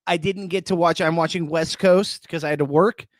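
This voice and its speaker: A man's voice: on the high side, fairly even intonation, normal speed, dry recording. A man casually chatting on a live reaction stream, greeting viewers, laughing often, close to the mic. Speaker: reality show reaction host.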